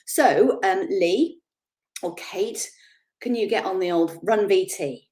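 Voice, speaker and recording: A middle-aged woman giving a chatty, animated motivational talk on confidence, laughing at herself as she goes. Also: mid-range voice, slow pace. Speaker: confidence speaker.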